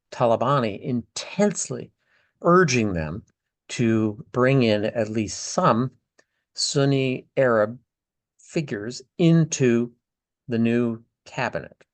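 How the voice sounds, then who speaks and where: An older man, a former ambassador, recounting past diplomacy in a measured, explanatory way and stressing key words. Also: mid-range voice, no room sound. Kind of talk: oral history interview.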